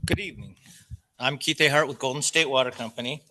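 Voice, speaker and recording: A man's voice: mid-range voice, quick pace, pushed and bright, poor audio. A man reading a prepared statement at a public meeting. He says he gets nervous and stutters. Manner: nervous, stutters, reads carefully. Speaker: public commenter, water company representative. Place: council chamber.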